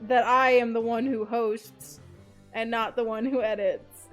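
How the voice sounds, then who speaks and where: Woman streamer, giggly, playful, high voice, unhurried, faint music. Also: fairly even intonation, fairly bright tone. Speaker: streamer host. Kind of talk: casual chat on a game stream. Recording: music playing behind.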